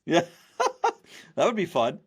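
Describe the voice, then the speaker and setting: A man's voice: sits high, wildly swooping pitch, slow, slightly rough. A man co-hosting a podcast in casual chat, rambling with many restarts and fillers. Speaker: podcast co-host.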